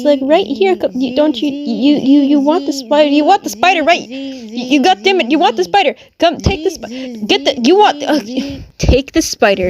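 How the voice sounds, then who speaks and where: A woman voicing an exasperated parent bird who coaxes a stubborn chick, stammering and quickly losing patience, as a comic voice-over. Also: sits high, rough recording.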